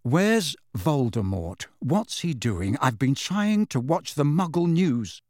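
A man's voice: a little high, big pitch swings, slow, darkish tone, dry recording. A man voicing an impatient, questioning teenage boy, close to his own reading voice. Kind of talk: audiobook character voice.

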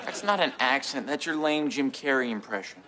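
An actor playing an earnest, overeager young man in a sitcom, speaking in a self-serious way over loud studio laughter. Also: medium pitch, expressive, a little fast, over a noisy crowd, lightly acted. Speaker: son, sandwich shop worker. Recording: sitcom set with loud audience laughter and noise.

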